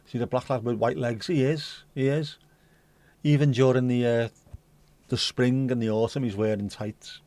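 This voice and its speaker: A man's voice: medium pitch, fairly even intonation, normal speed, darkish tone, no room sound. Joking man hosting a livestream. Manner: chatty, joking banter with mild swearing; reads news excerpts aloud conversationally. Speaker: livestream host. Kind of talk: casual pub-style chat.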